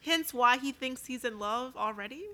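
A woman's voice: high voice, moderate pace, bright, forceful tone. A woman co-hosting a casual podcast, recapping a reality show from her notes with lots of fillers. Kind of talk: casual chat.

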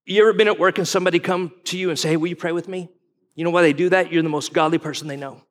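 Talking very fast in a steady tone, this guest pastor in his forties has a fairly high voice. He preaches a folksy, conversational sermon and asks the congregation questions, with the long reverb of a large hall audible throughout.

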